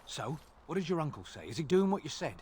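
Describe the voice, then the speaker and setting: A man's voice: on the high side, sing-song, fast talker, darkish tone, slightly rough, heavily acted. A man voicing a brash, mocking dwarf gossip in a video game.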